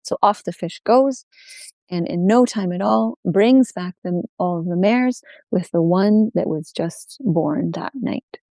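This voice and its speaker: A woman telling a folk tale aloud, unhurried, repeating phrases in an oral style. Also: mid-range voice, vocal fry, mellow, dry recording. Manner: unhurried, with many repetitions. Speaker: storyteller.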